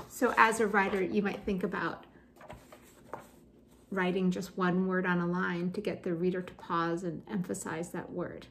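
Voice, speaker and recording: A woman teacher reading poems aloud to children, with expressive reading and gentle explanations between poems. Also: lowish voice, moderate pace, vocal fry, a little hiss or hum. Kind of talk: read-aloud poetry lesson.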